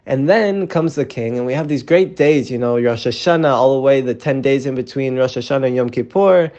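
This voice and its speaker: A man's voice: medium pitch, brisk, warm tone, highs cut off. Man telling a parable, conversational. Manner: conversational, frequent "you know" asides. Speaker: storyteller sharing a parable. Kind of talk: casual spoken storytelling.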